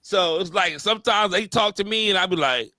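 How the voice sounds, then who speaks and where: A man's voice: sits high, brisk, pushed and bright, dry recording. A man hosting a podcast, telling stories in casual chat with heavy slang and fillers. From New York area. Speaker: podcast host.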